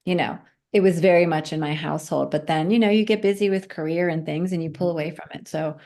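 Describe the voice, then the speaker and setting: A woman's voice: low-pitched, quick pace. A woman guest telling a personal story in a casual chat, acting out the voices of the people in it. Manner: animated, acts out quoted voices.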